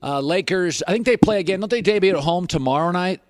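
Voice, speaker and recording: A man's voice: high-pitched, fast, no room sound. A man hosting a sports talk radio show, making his points emphatically, with argumentative, sarcastic asides. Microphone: studio microphone.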